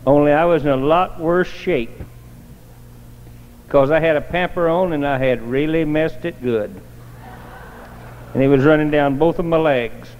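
A man preaching with a folksy, homespun testimony, his voice sitting a bit higher than most men's. The sound is dull and lo-fi, with a long reverb from a church hall around him. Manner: homespun storyteller, colloquial.

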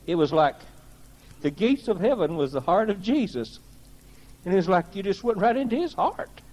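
A man's voice: high-pitched, animated, moderate pace, a little mellow, rough recording. Man telling a plain-spoken testimony. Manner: plain-spoken, folksy storytelling with earnest conviction. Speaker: speaker giving a testimony.

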